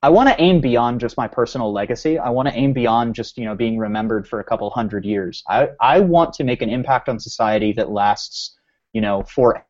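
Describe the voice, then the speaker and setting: A man's voice: mid-range voice, brisk, darkish tone, lo-fi sound. A man co-hosting a podcast, musing aloud in a rambling way full of restarts and fillers. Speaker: podcast co-host. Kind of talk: casual podcast discussion.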